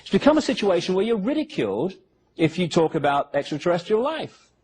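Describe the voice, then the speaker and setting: A man's voice: high-pitched, sing-song, a little fast, a little mellow, breathy edge. A man giving a public lecture with slides, talking the audience through pictures with sarcastic, mocking asides.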